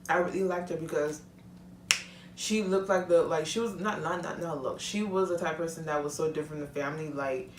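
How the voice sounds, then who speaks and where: A young woman vlogger with a low voice rants casually and heatedly, swearing freely and speaking bluntly. The mic sits at a distance in an echoey room, with slight background noise.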